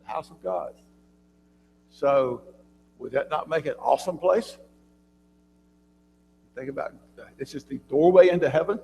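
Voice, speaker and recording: Gravelly man teaching a church Bible class. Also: fairly high pitch, lively intonation, moderate pace, pauses often, mellow. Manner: conversational, quizzes the class with questions; frequent throat clearing and restarts. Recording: reverberant church room with faint hum.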